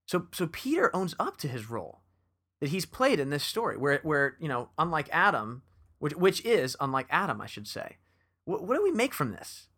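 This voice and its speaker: A man's voice: a little high, huge pitch swings, normal speed, pushed and bright, slightly rough. A man co-hosting a casual book discussion, talking with enthusiasm and reading passages aloud. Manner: enthusiastic, many restarts. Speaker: podcast co-host.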